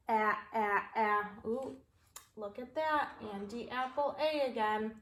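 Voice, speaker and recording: A woman teaching a phonics lesson to kindergartners on video, speaking slowly and in a sing-song manner as she reads and spells along. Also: a little high, expressive, fairly bright tone. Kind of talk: video lesson for young children. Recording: echoey room.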